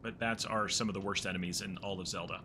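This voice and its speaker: A man's voice: low-pitched, steady tone, fast talker, noisy background. A man streaming a game live, chatting casually and mocking his own mistakes. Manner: self-mocking, laughing, chatty. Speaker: gaming streamer. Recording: game music behind the voice.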